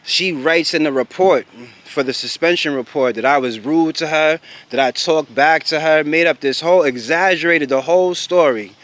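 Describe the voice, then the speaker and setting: A man's voice: fairly high pitch, normal speed. A man from the United States telling a personal story to camera in a loose, profane, casual way, often checking in with the listener. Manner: loose and profane, repeatedly asking "you know what I'm saying"; grows loud and animated when recalling anger.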